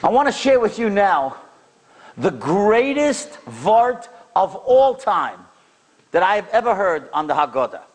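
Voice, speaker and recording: Animated high-voiced rabbi telling stories. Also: male voice, measured pace. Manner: animated, acts out the people in his stories with big jumps in pitch and loudness. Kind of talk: sermon storytelling.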